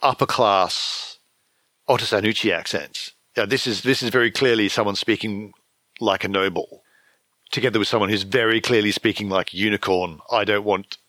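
Lively man chatting with a dry close mic. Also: fairly low pitch, moderate pace, dry recording. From outside the US. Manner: animated, acts out characters in jokey voices. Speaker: podcast co-host. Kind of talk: casual chat about fiction.

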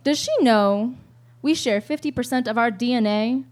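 Woman, high voice, live comic storyteller, swears freely and keeps laughing mid-story. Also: moderate pace, a little mellow. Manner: rambling, profane, laughs often.

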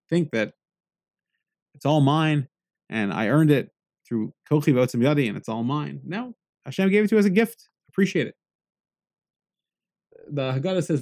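A man with a gravelly, fry-laden voice gives a lively Torah lecture. His pitch sits in a middle range but leaps high when he hammers home a point. He weaves Hebrew phrases into plain English explanation. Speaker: Torah teacher.

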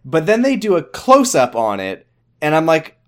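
A man's voice: fairly high pitch, huge pitch swings, moderate pace, fairly bright tone. A man co-hosting a podcast, wryly and amusedly recapping a TV episode in casual chat. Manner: wry, amused, quotes characters for laughs. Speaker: podcast co-host.

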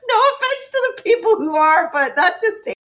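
A woman co-hosting a podcast in casual chat, talking in a profane, animated way and laughing often. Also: very high voice, moderate pace. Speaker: podcast co-host.

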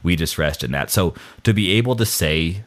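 Man, very deep voice, casual faith chat, self-deprecating, stumbles and restarts a lot. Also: expressive, moderate pace, fairly bright tone.

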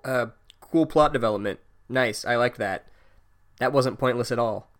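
A young man recaps a book chapter with dry, sarcastic humor. He mocks the plot in a deadpan way and swears freely. His voice sits in an ordinary middle range. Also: mid-range voice.

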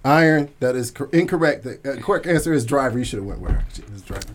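A man's voice: medium pitch, expressive, quick pace, a little hiss or hum. A man hosting a casual trivia game on a podcast, teasing the players. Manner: teasing, loud bursts of laughter. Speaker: podcast host. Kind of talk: casual game-show banter.

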